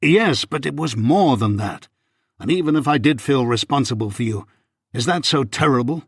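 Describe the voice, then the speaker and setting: Man reading a remorseful Regency husband, earnest, pleading, husky, mid-pitched. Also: lively intonation, moderate pace, dry recording, clean studio sound. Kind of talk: audiobook reading.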